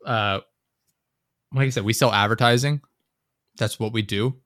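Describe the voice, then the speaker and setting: A man's voice: on the low side, fairly even intonation, moderate pace, a bit bright, no echo, studio quality. A young man co-hosting a podcast, telling work stories in a loose, ranting way, swearing often and laughing as he talks. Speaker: podcast co-host. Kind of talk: casual chat.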